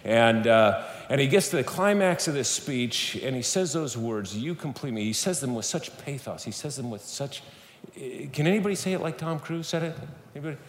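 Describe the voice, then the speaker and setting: Animated preacher in an echoey church hall. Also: male voice, mid-range voice, moderate pace. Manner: animated storytelling, playful, talks to the audience. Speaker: guest speaker at a church service. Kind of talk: sermon with humor and audience interaction. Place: church sanctuary. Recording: echoey hall, faint room noise.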